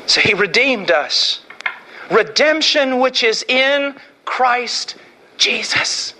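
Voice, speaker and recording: A middle-aged man preaching an impassioned sermon, swinging from hushed, slow lines to shouted ones. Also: very high-pitched, lively intonation, a little hiss or hum.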